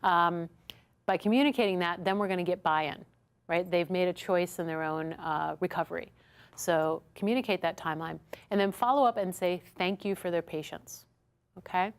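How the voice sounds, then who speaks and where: A woman with a fairly low voice teaches a customer-service workshop in a studio classroom. She is lively and acts out little dialogues, often asking the room "right?". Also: clear, resonant tone. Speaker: instructor. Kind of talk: recorded workshop lesson. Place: studio classroom with a small audience.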